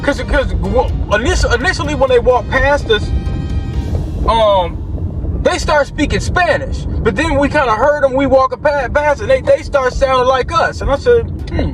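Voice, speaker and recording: A man's voice: extremely high pitch, lively intonation, normal speed, over music. A man telling a casual storytime, rambling, repeating and restarting his phrases, with slangy talk.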